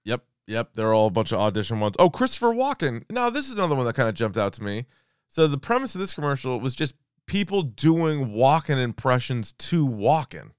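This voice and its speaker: A man's voice: medium pitch, sing-song, fairly quick, clear, resonant tone, no echo, clean studio sound. A man in his thirties co-hosting a podcast in casual chat, laughing often and swearing freely. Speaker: podcast co-host.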